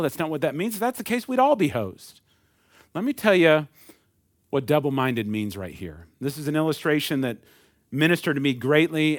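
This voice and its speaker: A man's voice: a little high, no echo, studio quality. A man preaching a sermon in a conversational way, asking the congregation questions and acting out the voices of people. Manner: conversational preaching with rhetorical questions and acted asides. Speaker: pastor.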